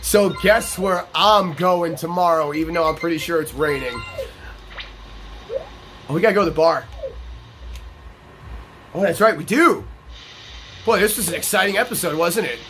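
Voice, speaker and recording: Animated profane young man over game music. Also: normal speed, pauses often, low-quality recording. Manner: animated, profane, jumps into high excited yelps. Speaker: gaming video host. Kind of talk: casual storytelling over gameplay. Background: background game music.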